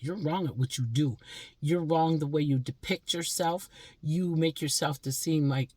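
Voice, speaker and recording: Blunt, husky-voiced woman in her sixties. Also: low voice, fairly quick, darkish tone, no room sound. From Pennsylvania. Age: 60s. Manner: blunt, profane, lecturing. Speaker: vlogger. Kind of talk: scolding monologue to camera.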